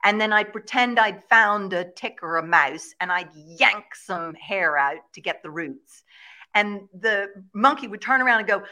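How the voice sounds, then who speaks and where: Woman guest with a bright tone, spinning animated stories about animals. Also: mid-range voice, unhurried. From Ireland. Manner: animated anecdotal storytelling. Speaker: guest shepherd and farmer. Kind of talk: storytelling in a video-call interview.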